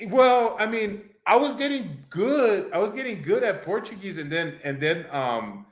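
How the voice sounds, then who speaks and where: Guy talking casual, spanish was his first language, kinda higher voice, rambles and restarts a lot, echoey room. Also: expressive, unhurried. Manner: rambling, many restarts, acts out voices animatedly. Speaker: podcast co-host. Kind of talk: casual chat. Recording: roomy echo.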